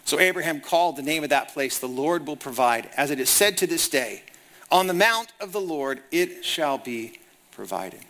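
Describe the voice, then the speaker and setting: Man, preacher, sermon, bright tone, conversational storytelling. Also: fairly high pitch, lively intonation, normal speed. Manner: storytelling preacher, reads scripture then paraphrases it conversationally. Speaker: pastor.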